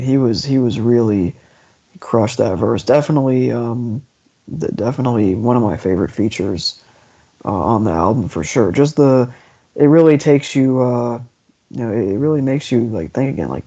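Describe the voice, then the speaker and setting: A mellow, medium-pitched male voice belongs to a podcast host casually talking through an album. He rambles with enthusiasm and restarts often, and the lo-fi podcast audio sounds dull.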